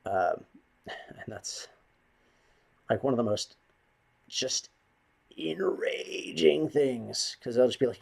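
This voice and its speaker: A man's voice: fairly low pitch, moderate pace, creaky, pauses often, darkish tone. A man vlogging a bitter, rambling, profane rant to the camera. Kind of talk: ranting monologue to camera.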